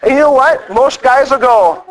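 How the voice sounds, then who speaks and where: Male pastor, middle-aged, high-pitched, animated sermon delivery with acted-out quotes. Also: normal speed, poor audio. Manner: animated storytelling, acts out quoted lines.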